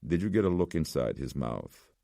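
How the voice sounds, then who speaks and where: A somber old survivor speaks in a measured, ominous tone, voiced by a man. The voice sits extremely low with a gravelly rasp. It is dry and close to the mic. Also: sing-song, mellow, no echo, heavily acted.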